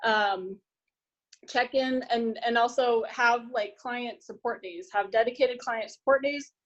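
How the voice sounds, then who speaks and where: A woman's voice: a little high, a little slow, dull audio. A woman in her thirties, a health coach and nurse, sharing tips in a friendly, hesitant way with many fillers. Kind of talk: sharing tips on a group call.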